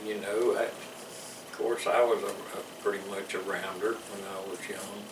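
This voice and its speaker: A man's voice: low voice, flat delivery, a little slow. An older man with a Southern US accent, recalling his military service in a rambling, chuckling interview style. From American South. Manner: rambling storyteller with frequent restarts and chuckles. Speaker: veteran interviewee. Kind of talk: casual oral-history recollection. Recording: echoey room, distant mic, noisy.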